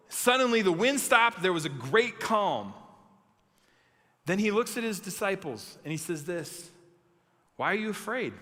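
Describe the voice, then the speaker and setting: A young man preaching a youth sermon, reading a Bible story and acting it out with animated voices. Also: a little high, moderate pace, in a large hall. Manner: animated, acts out the story with shouted quotes. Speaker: youth pastor.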